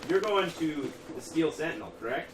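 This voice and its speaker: A man running a tabletop game, describing scenes with fillers and pauses. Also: a little high, expressive. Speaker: game master. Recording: echoey room, distant mic, noisy.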